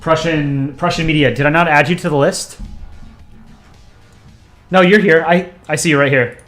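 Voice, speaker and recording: A man hosting a casual drawing livestream, chatty and relaxed, thinking aloud as he works. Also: on the high side, normal speed, reverberant, soft background music. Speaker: streamer and comic artist.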